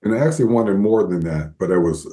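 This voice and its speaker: A man guest in an interview, telling lively anecdotes and acting out the people he quotes. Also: low-pitched, fast talker. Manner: animated storyteller, acts out quoted voices. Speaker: guest, former Disney figure animator. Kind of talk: storytelling interview.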